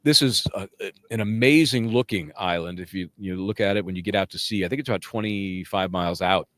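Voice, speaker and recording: Man, live stream host, chatty and meandering, deep voice, dry sound. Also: no room sound. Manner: rambling, chatty, reads out viewer comments. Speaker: livestream legal commentator. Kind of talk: casual live stream chat. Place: outdoors near a courthouse.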